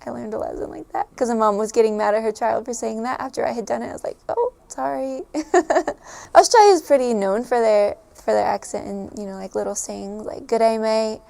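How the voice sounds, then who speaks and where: Speaking slightly fast in a somewhat high, creaky, dark-toned voice, this woman reminisces about her time living abroad. It's a relaxed chat to camera, full of fillers and frequent giggles.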